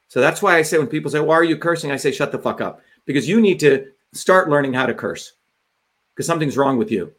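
A man hosting a livestream as a political candidate, delivering a fiery rant full of profanity. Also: medium pitch.

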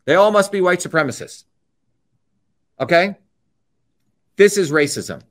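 Combative man with a raised pitch. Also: expressive, measured pace, fairly bright tone. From India. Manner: combative, repetitive, emphatic. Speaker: speaker giving a political talk. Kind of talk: impassioned monologue.

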